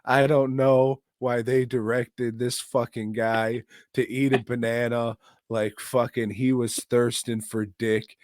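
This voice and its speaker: Man, podcast co-host, casual movie review, crude jokes, unhurried, dry sound. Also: mid-range voice, level tone, a little mellow, no echo. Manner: profane, jokey rambling.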